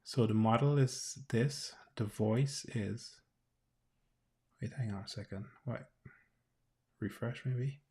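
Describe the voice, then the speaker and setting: Guy live coding on stream, thinking out loud, lots of restarts, clicks behind. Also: mid-range voice. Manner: thinks aloud, restarts, quick exclamations. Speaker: developer livestreaming. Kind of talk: casual live coding commentary.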